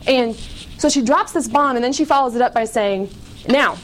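A woman's voice: a little high, a little fast, a little hiss or hum, low-quality recording. A young woman from the United States giving a candid personal testimony to an audience, chatty and full of fillers.

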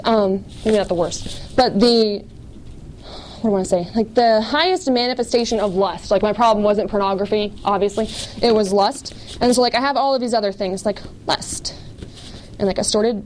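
A woman's voice: on the high side, slight background noise. Chatty woman telling a candid testimony. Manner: chatty and candid, many "like" fillers, laughs at herself. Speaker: speaker giving a personal testimony to an audience. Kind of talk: casual personal testimony.

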